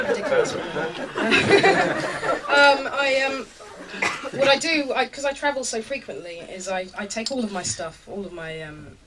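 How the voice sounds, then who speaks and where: Woman in her thirties doing stand-up. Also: mid-range voice. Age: 30s. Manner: chatty and self-mocking, many ums. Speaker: stand-up comedian. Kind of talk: live stand-up comedy set. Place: small comedy club stage. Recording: noisy live club with loud crowd.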